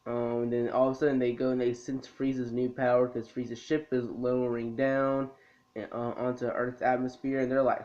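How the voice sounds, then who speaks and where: A man's voice: mid-range voice, level tone, brisk, darkish tone. A man casually recapping a cartoon episode for his video review, rambling with lots of ums and restarts. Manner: rambling, full of ums and restarts, laid-back. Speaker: anime review vlogger. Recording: slightly muffled lo-fi recording.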